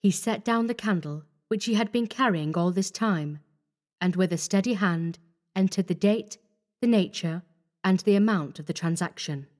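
Woman, horror story narrator, measured, grave, scripted reading. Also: mid-range voice, darkish tone.

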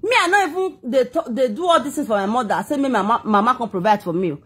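A woman's voice: on the high side, lively intonation, fast, fairly bright tone, slightly rough. A Nigerian woman vlogging a heated, defensive, rambling rant to her viewers. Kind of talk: emotional personal rant to viewers.

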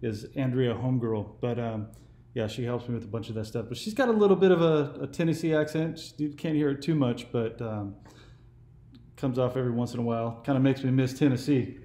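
A man's voice: medium pitch, fairly even intonation, a little fast, warm tone, reverberant. A man in his forties from California, hosting a casual phone conversation for his channel in an easygoing, meandering way. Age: 40s. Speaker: YouTube host.

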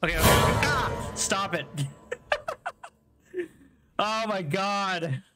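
During a live gameplay stream, a man with a high voice talks slowly over a very noisy recording. His commentary is casual and jokey, full of laughter and swearing, and he teases the people in chat.

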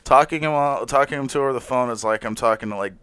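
A man with an American accent blending northern and Southern, chatting on a podcast at middling pitch. His voice is smooth and resonant, and he rambles, swears and laughs easily. The sound is dry and close. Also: quick pace, a bit bright, no room sound. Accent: American, mix of northern and Southern. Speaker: podcast co-host. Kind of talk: casual chat.

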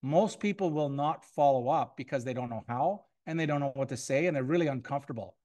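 A man's voice: mid-range voice, a little fast. A man giving a motivational sales training to a room of people, repeating key points and acting out sample phone calls. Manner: energetic and repetitive, acts out sample phone calls. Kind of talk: motivational training talk to a live audience. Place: room with an audience.

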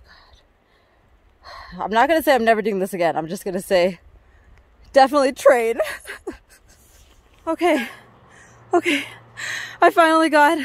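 A fairly high-voiced woman talks to her handheld camera as she climbs a mountain trail outdoors. She is worn out and short of breath, and keeps letting out nervous, breathy exclamations. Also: no echo. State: tired and out of breath. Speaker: vlogger. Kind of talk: casual vlog narration while hiking.

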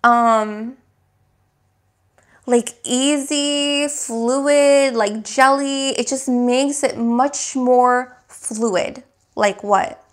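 Woman tarot reader, spiritual talk, slow deliberate pace, slightly high voice, emphatic repeated affirmations. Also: steady tone. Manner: searching for words.

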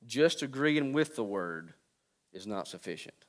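A pastor in his forties preaching a sermon. He jokes with the congregation and calls out to them, swinging between quiet, low asides and loud, high preaching. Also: big pitch swings, unhurried. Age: 40s. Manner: joking and calling out to the congregation.

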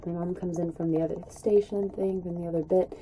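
A young woman telling a rambling story in a casual vlog, acting out what people said in a higher voice. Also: fairly even intonation, fairly quick, dark tone, slight background noise, low-quality recording. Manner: chatty, rambling, acts out quotes in a high voice. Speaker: vlogger.

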